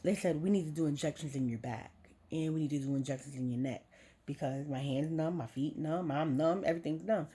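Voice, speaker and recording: A woman's voice: sits low, brisk, mellow, breathy edge. A young adult woman vlogger frankly telling a personal story, emotional and swearing casually.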